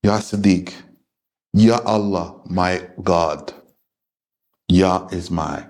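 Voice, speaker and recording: A man's voice: deep voice, drawn-out words, darkish tone. A man teaching a religious class in an emphatic, confrontational lecturing manner.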